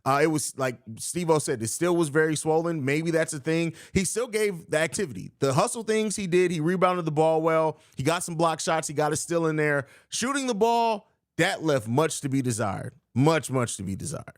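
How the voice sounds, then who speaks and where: A man's voice: on the high side, moderate pace, few pauses, no room sound, clean studio sound. A young man hosting a live sports podcast, reading viewer questions and answering bluntly with jokes, calling people bro. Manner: blunt, joking, says bro a lot. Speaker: podcast host.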